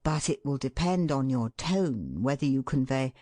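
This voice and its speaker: Low-voiced woman narrating with lively expression. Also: normal speed, hardly any pauses, no echo, clean studio sound. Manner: expressive, shifts tone for quoted speech. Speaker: audiobook narrator. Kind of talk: scripted narration.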